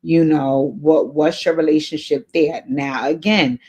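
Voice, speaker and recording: A woman's voice: low voice, fairly even intonation, measured pace, darkish tone, breathy edge. A woman hosting an advice show off camera, answering a viewer's letter in casual spoken advice. She is earnest and encouraging, with a spiritual bent, and repeats key lines for emphasis. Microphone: off camera, voice only.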